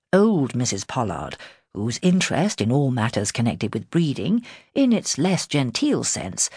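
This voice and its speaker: A woman narrating a historical novel in a measured, expressive storytelling manner, close to the mic. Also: a bass voice, breathy edge, no echo. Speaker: audiobook narrator. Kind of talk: scripted narration.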